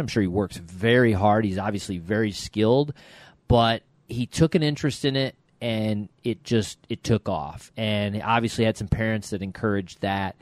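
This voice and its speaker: A middle-aged man co-hosting a podcast, chatting casually and telling stories with animated quotes. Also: fairly low pitch, no echo, studio quality. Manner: lively storyteller, animated quotes. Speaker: podcast co-host.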